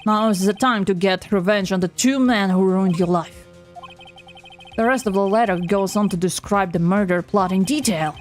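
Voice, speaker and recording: An earnest young male lawyer, read by a woman in a near-natural tone, steady and plain. Faint music plays behind. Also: medium pitch, moderate pace, lightly acted.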